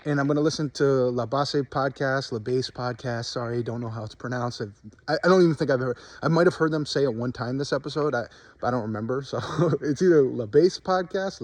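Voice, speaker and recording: A man's voice: mid-range voice, brisk, dry recording. A man vlogging outdoors in the cold, talking candidly to his viewers in a rambling, casual way with plenty of fillers and restarts. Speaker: vlogger documenting language learning. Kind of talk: casual talking-to-camera vlog.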